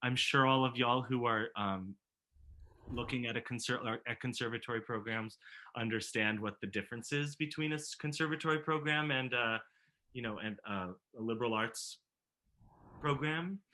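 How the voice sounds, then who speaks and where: A man who teaches musical theater, chatting casually about his student days, animated and quick to laugh, restarting sentences as he goes. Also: mid-range voice. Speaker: musical theater professor and alumnus. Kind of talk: casual reminiscing conversation.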